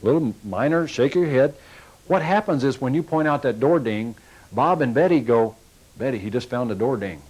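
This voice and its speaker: A man's voice: mid-range voice, lively intonation, normal speed, darkish tone, husky, rough recording. A man giving a sales training talk to car salespeople, folksy and coaching, acting out little customer exchanges as he goes.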